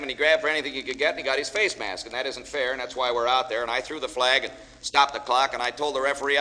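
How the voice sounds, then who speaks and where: A man's voice: medium pitch, pushed and bright. A man giving a humorous speech to an audience, telling folksy jokes and stories as a guest speaker. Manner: folksy storyteller, joking with audience. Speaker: after-dinner speaker. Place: large banquet hall with audience. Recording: echoey hall, faint hiss.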